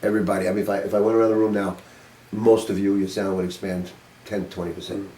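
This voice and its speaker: A man's voice: on the low side, flat delivery, fast, dark tone. Older man teaching sax in an echoey room. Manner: casual, demonstrative, joking. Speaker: saxophone teacher. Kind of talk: master class teaching. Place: music studio with a group. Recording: roomy room, mic at a distance.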